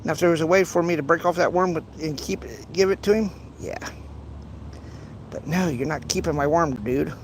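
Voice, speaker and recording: A man's voice: fairly high pitch, brisk, a little hiss or hum. A man casually chatting to his livestream viewers while fishing outdoors, rambling with many restarts and playful teasing. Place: outdoors by a pond.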